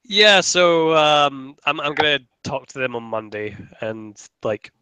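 Bright, crisp man chatting. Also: a little high, unhurried, no room sound, low-quality recording. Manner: rambling, many restarts and fillers. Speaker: podcast co-host. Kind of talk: casual gaming podcast chat.

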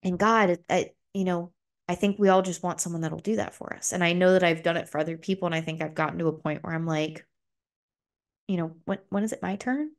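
Young woman doing a solo podcast, kinda low voice, swears a lot, gets emotional and then jumps up high when excited. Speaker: podcast host. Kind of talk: solo confessional podcast talk.

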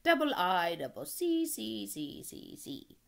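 A woman's voice: mid-range voice, sing-song, slow, gravelly, a bit bright, pitched above the performer's own voice, full character voice. Woman doing a fussy, stammering gander. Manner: stammering, repetitive. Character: fussy male gander who repeats everything. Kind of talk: storybook reading.

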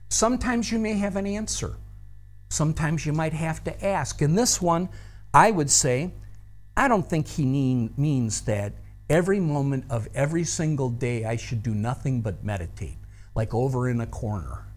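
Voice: medium pitch, expressive, normal speed, soft background music. A Bible teacher giving a recorded study lesson, explaining a practice step by step and thinking aloud through a verse.

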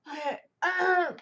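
A woman's voice: extremely high pitch, bright, forceful tone, lo-fi sound. A young woman rambling through a casual product review vlog in a chatty way, full of fillers and tangents.

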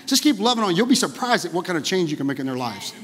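A male pastor preaching a lively sermon in a church, often calling out "Amen?" to the congregation. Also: sits high, very fast, breathy edge. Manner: energetic, exclaiming, frequent "Amen?" to the congregation. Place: church sanctuary. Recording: long reverb of a large hall.

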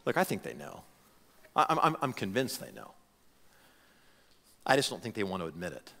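Animated pastor preaching in a reverberant hall. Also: male voice, lowish voice, normal speed. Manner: animated, frequent restarts and repeated words. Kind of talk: conversational sermon. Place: church sanctuary.

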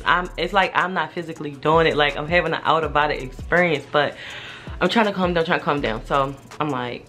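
Animated young woman telling a wild story. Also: deep voice, fairly quick, soft background music. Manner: animated, slangy, swears freely. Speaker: vlogger. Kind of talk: casual storytime narration.

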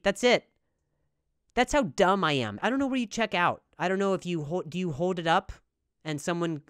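A man's voice: high voice, no room sound, studio quality. A male comedian doing a rambling comedic monologue, with a stutter that makes him repeat words. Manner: animated, rambling.

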